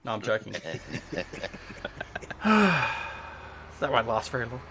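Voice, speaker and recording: A man's voice: medium pitch, big pitch swings, slow, very noisy. A man hosting a casual gaming livestream, chatting and teasing his guests while he plays. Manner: chatty, teasing, thinking aloud while playing. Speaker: livestream host.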